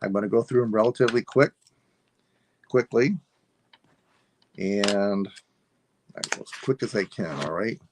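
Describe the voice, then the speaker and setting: A man selling items on a live stream, thinking aloud in a rambling, unhurried way as he describes each piece. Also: mid-range voice, expressive, a little hiss or hum. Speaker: online seller. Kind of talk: live-stream sales chat.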